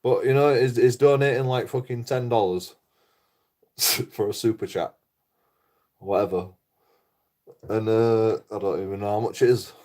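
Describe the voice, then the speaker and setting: A man's voice: fairly low pitch, steady tone, normal speed, pauses often, darkish tone. A man rambling through a casual livestream chat, swearing a lot, repeating himself and laughing at his own jokes. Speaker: livestreaming vlogger.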